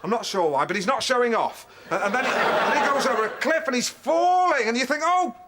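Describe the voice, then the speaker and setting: An actor playing an excitable man who gleefully retells a spy film, acting out its scenes with put-on voices. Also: very high voice, a little fast. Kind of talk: played comedy clip. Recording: loud noisy played clip.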